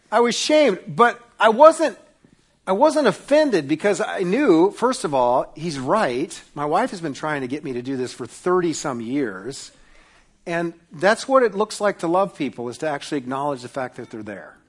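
A middle-aged man delivers a sermon as pastor in an easy, conversational way. His voice sits slightly high for a man, and he leans on self-deprecating humor. He drops to a quiet, hushed voice when he drives a point home. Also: big pitch swings, unhurried, breathy edge.

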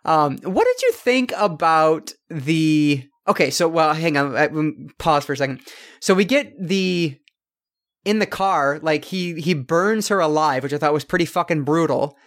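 A man with a slightly high voice talks through a movie review in a loose, rambling way. He swears freely and keeps it casual, like a podcast host chatting with a friend. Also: sing-song, a little slow, fairly bright tone. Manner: profane, laughing, loose and rambling.

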